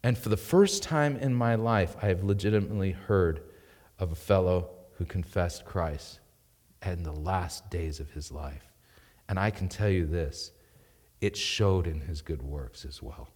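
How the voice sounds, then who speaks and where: A man preaching a sermon as pastor, emphatic and swinging between loud and quiet. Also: low voice, a little slow, in a large hall. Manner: emphatic preaching with rising and falling intensity. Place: church.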